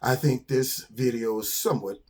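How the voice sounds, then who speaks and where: A man hosting his own channel, telling a children's story in a casual, slangy, animated way. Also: medium pitch, normal speed.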